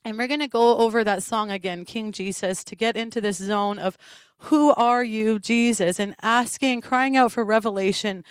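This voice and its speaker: A woman's voice: mid-range voice, moderate pace, hardly any pauses, clear, resonant tone, no echo. A woman telling a personal testimony during a church service, then leading into worship, with laughs and restarts as she tells it. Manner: animated storytelling with laughs and restarts. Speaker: worship leader. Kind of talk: sermon testimony.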